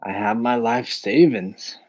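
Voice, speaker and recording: A man's voice: lowish voice, takes it slowly, voice pushed up. A man voicing a fussy, stingy male mouse in an audiobook, speaking in a theatrical, self-pitying way. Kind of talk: audiobook character voice.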